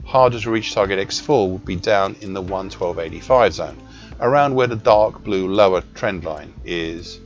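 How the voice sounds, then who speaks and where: A man reading scripted market commentary as an analyst, measured and precise, with small self-corrections. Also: lowish voice. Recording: dull lo-fi recording with faint music.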